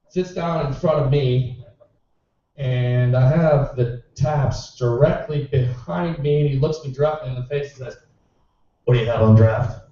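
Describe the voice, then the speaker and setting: A man's voice: dark tone, very echoey. A man performing a stand-up routine in a small club, telling stories in a sarcastic, exasperated way. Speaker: amateur stand-up comedian. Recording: boomy, distant, muffled club recording.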